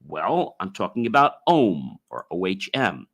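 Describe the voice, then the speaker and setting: A man with a fairly low voice hosts a solo podcast in a loose, rambling way, full of fillers and repeated phrases. He stops now and then to chant long, drawn-out oms for the listener. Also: huge pitch swings, fairly bright tone. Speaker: podcast host. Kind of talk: casual solo podcast talk.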